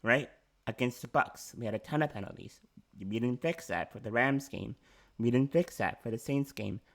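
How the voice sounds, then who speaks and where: A man's voice: medium pitch, moderate pace, creaky. A man ranting about his football team's coaching, frustrated and repetitive, with frequent restarts. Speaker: sports fan vlogger. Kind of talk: ranting sports commentary.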